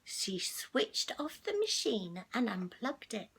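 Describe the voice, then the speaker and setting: Animated older woman reading aloud to children. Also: a little high, slow pace, vocal fry, slightly rough. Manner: animated, gasping asides to young listeners. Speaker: storyteller grandmother. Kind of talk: children's story read-aloud.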